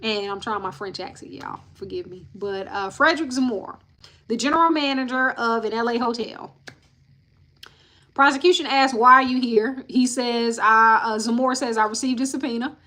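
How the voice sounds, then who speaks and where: A woman with a somewhat high, bright voice, recapping court testimony on a live stream. She reads each quote out plainly, then breaks off to sigh or talk straight to her viewers. Her tone stays casual and frank throughout. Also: normal speed. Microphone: live-stream mic.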